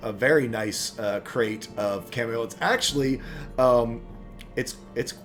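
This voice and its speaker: A man's voice: medium pitch, unhurried, a bit bright, soft background music. A man from the United States running a tabletop game, narrating with lots of fillers and restarts. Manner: rambling, filler-heavy storytelling. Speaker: game master.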